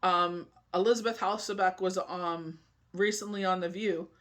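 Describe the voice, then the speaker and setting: A tarot and oracle card reader giving a casual spoken forecast, rambling and chatty, often asking "you know what I mean" and reading card meanings aloud slowly. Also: mid-range voice, fairly even intonation, fairly bright tone.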